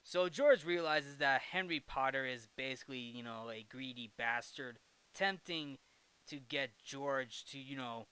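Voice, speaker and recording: Bright, crisp-voiced man recapping a film. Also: mid-range voice, measured pace. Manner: rambling, restarts and self-corrections; jokey asides. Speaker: movie review host.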